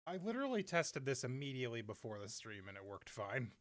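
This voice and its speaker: A man's voice: mid-range voice, sing-song, fast, faint music behind. A man streaming a game, chatting in an easygoing, offhand way. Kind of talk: casual chat while playing a game.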